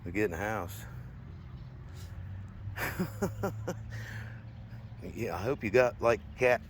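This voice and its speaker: A man chats with his dog outside by a house and garage, alternately coaxing and scolding it while chuckling in exasperation. He has a lowish, very animated voice and speaks extremely slowly against a noisy background.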